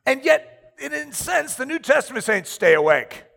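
A pastor giving an animated sermon, telling stories with acted-out asides. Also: male voice, very high-pitched, normal speed, gravelly. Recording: reverberant hall.

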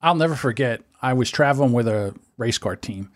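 A man, co-host of a podcast, telling stories in an animated, profane, casual way. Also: mid-range voice, a little fast. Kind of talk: casual chat.

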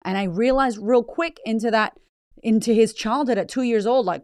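A woman's voice: a little high, normal speed, a little mellow, no echo, studio quality. A woman hosting a motivational podcast, talking bluntly and emphatically with lots of swearing and repeated phrases. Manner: blunt, heavily profane, emphatic and raw. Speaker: podcast host and business owner.

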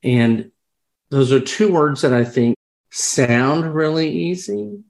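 A man with a fairly high, creaky voice speaks at a slow pace, a crisis responder appearing as a podcast guest. He tells stories in a reflective, conversational way, often restarting sentences and acting out quoted dialogue.

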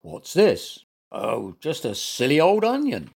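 A man's voice: a little high, wildly swooping pitch, slow pace, vocal fry, darkish tone, slightly rough, pitched above the performer's own voice, heavily acted. A man voicing a proud, polite little male teddy bear in a storybook. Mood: cheerful.

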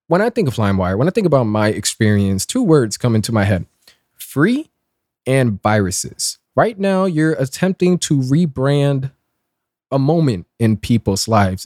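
A man in his twenties hosting a casual commentary show, sarcastic and blunt, with lively swings in pitch. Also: dry recording, clean studio sound. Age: 20s. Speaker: commentary host.

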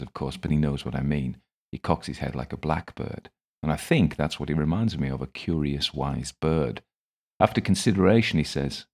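A male narrator reads a first-person story in a calm, dry, wry manner. His voice sits at the very bottom of the male range. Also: rumbling low, a little fast. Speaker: audiobook narrator.

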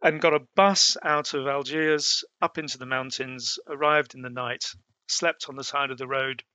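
A man's voice: medium pitch, fairly even intonation, moderate pace, sharp tone, dry recording. A middle-aged man recounting his past travels as an interview guest, with frequent fillers and restarts. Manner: hesitant, many fillers and restarts. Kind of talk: storytelling in a conversation.

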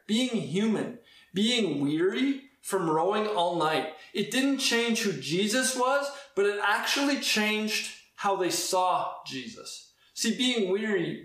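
Echoey high-voiced male preacher. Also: fairly bright tone. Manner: conversational, acts out quoted exchanges. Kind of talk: sermon. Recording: very roomy, echoey sound.

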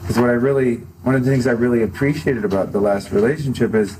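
A man's voice: medium pitch, fast talker, mellow, a little hiss or hum, poor audio. A middle-aged man talking candidly and earnestly as a guest in a filmed interview, reflective and open, often restarting his sentences. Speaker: podcast host as interview guest. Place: studio set for a filmed talk show.

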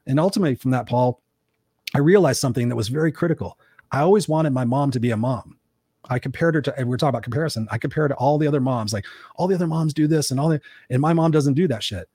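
A man's voice: mid-range voice, racing, darkish tone, breathy edge, dry recording, studio quality. A man hosting a podcast, telling a candid, emotional personal story with lots of restarts. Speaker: podcast host. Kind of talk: personal storytelling in casual talk.

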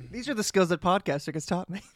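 A man with a Boston accent co-hosting a podcast in casual chat, rambling and self-deprecating, with many restarts. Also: sits high. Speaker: podcast co-host.

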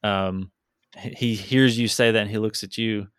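A man's voice: lowish voice, fairly even intonation, normal speed, a bit bright, clean tone, dry recording, studio quality. A man running a tabletop game as game master, talking casually with many restarts and fillers. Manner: casual, hesitant, repeats words.

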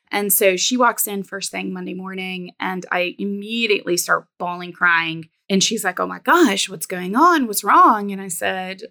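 Bright, gravelly-edged woman telling her story. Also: mid-range voice. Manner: candid, reflective, many "you know" fillers. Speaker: business coach, guest. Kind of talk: personal storytelling in interview.

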